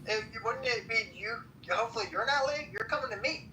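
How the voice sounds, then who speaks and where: A young man bantering and mocking people on a live audio chat, joking loudly with sudden outbursts. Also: extremely high pitch, a little fast, distant mic, crowd noise, rough recording. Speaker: chat room participant.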